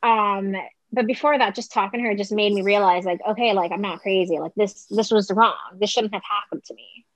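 A young woman telling a personal story in casual conversation, talking fast and filling her speech with "like". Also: mid-range voice, fairly even intonation, no echo. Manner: chatty, heavy use of "like", quick quoted asides. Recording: slightly dull close dry recording.

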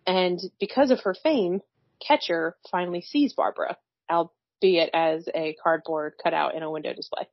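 A woman with a fairly low voice chats her way through a film plot, wry and slangy, with frequent laughter. The recording is dry and a little dull, with no room sound. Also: normal speed, no room sound. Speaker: podcast co-host recapping a film. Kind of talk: casual chat.

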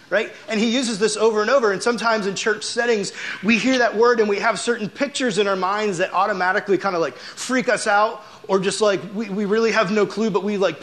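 High-voiced chatty young male preacher. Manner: animated, chatty, heavy use of "like". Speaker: youth pastor. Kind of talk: casual storytelling sermon.

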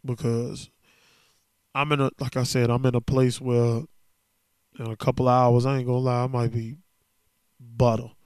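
A man alone at a podcast mic, speaking in a loose, candid, slang-heavy way and sounding worn down. His voice comes across smooth and clean. The sound is close and dry, with no room around it. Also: mid-range voice, flat delivery, moderate pace, pauses often, darkish tone, no echo. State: emotional, worn down. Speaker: podcast host. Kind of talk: casual solo podcast monologue.

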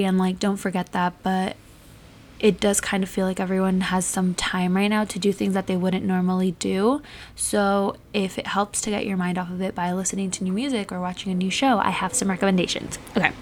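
Chatty young woman vlogging casually. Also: mid-range voice. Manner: chatty, bubbly, rambling with many fillers. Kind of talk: casual chat to camera.

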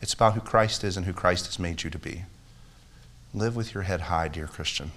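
A pastor with a deep, fairly bright voice preaches at a moderate pace, earnest and emphatic. He repeats phrases and closes with a prayer that rises steadily in intensity.

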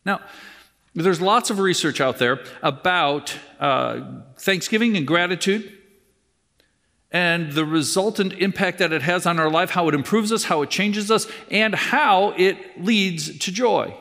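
A pastor giving a conversational sermon with wry asides, repeating key lines for emphasis. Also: male voice, high-pitched, unhurried, sharp tone. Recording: long reverb from the hall.

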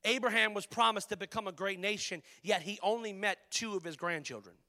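High, bright-voiced male pastor preaching. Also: a little fast. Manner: passionate preaching, swinging between loud and hushed. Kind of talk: sermon.

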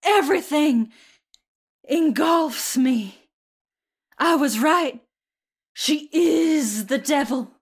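Woman putting on a zealous middle-aged mother, mild Southern accent, slow grave preaching, lively swooping pitch, high voice. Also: heavily acted. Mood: fanatical preaching. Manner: slow, theatrical, preaching delivery with shouted lines.

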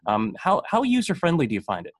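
A man's voice: a little high, wildly swooping pitch. A man from North America hosting an interview podcast, eager and chatty, often restarting his sentences. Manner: quick, eager, many restarts. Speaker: podcast host. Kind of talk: casual interview talk.

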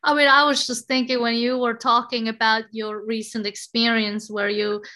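A woman in her forties in casual conversation, an expressive and animated storyteller. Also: on the high side, normal speed. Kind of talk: casual conversation about relationships.

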